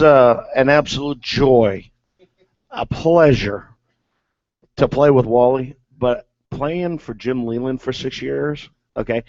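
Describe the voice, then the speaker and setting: A man's voice: medium pitch, darkish tone, no echo. Rambling man telling clubhouse stories. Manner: rambling, filler-heavy with many "okay"s. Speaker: former ballplayer guest. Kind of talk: casual storytelling. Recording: dull lo-fi sound.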